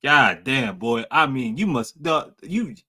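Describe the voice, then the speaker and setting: Podcast guy with a bright forceful voice, talks hoops, teases his buddy, gets loud and excited. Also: takes it slowly, husky. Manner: animated, teasing, breaks into high excited exclamations. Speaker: podcast co-host. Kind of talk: casual sports chat.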